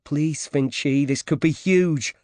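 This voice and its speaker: A man's voice: fairly high pitch, slow, darkish tone, dry recording, pitched above the performer's own voice. Man voicing a breathless, eager woman reporter. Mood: excited. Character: driven young female newspaper reporter.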